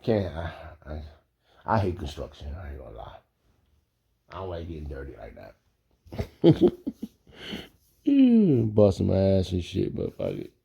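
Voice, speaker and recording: A man tells a casual story in a gravelly, dark voice. His pitch swoops widely as he talks, animated and profane, often breaking into laughter. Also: a little slow, long pauses, muffled recording.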